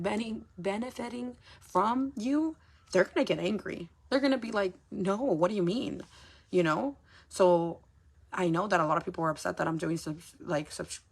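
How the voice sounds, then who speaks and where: Young woman, low gravelly husky voice, candid rambling livestream talk, swears a lot. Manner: rambling, emotional, swears often. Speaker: social media livestreamer.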